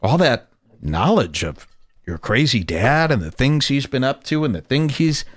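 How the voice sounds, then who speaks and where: A man hosting a casual commentary show in a mocking way, often breaking into high impressions. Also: very animated, normal speed. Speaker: host.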